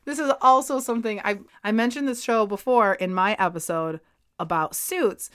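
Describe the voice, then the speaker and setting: A woman co-hosting a podcast in a casual chat, telling a story with lively emphasis and laughter. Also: medium pitch, normal speed, clean tone. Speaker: podcast co-host.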